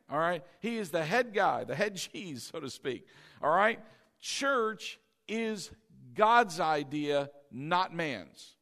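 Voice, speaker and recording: A man's voice: sits high, fairly bright tone. A man preaching a sermon, often asking "all right?" and having the congregation repeat key words after him. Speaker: pastor.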